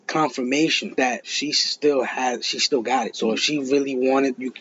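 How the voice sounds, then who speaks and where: A man's voice: medium pitch, steady tone, normal speed, fairly bright tone, husky. A man in his thirties co-hosting a podcast, giving blunt, profane advice in casual chat. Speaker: podcast co-host. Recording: dull lo-fi podcast audio.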